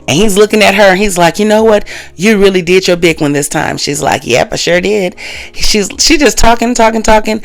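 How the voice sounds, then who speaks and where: A recap channel host retelling events in a chatty, casual way, calling the viewers cousins and acting out the quoted lines with sudden jumps in pitch.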